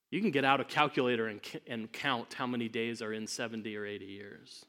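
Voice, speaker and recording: A male pastor preaching a sermon, building from quiet reflection to loud emphatic peaks. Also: fairly low pitch, brisk, few pauses.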